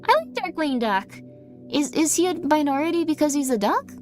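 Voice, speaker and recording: A woman's voice: sits high, big pitch swings, fairly quick, faint music behind. A woman streamer chatting casually with viewers, rambling with many fillers.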